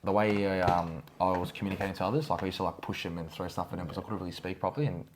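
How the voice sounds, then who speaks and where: A young man co-hosting a podcast, telling stories in an animated casual way full of slang. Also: low voice, a little hiss or hum. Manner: animated, fast storyteller using "like" and "bro". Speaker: podcast co-host. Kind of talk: casual storytelling chat.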